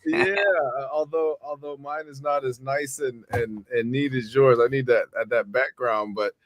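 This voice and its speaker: A man, a professor guest, speaking from his home garage over a video call, halting with fillers and restarts. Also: medium pitch, steady tone, a little hiss or hum. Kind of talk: casual talk.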